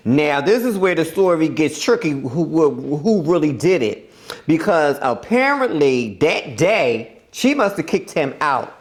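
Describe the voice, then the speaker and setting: A woman hosting a podcast tells a story in loose, profane chat, and her pitch leaps and dips all over as she acts out what people said. She laughs through her lines often. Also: sing-song, measured pace. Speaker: podcast host.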